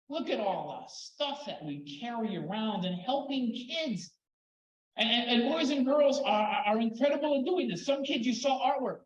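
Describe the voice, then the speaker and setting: Lively older man speaking in a hall. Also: high-pitched. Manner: expressive, repeats words when excited. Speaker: conference speaker. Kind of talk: animated storytelling talk. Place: conference hall. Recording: echoey, dull hall recording.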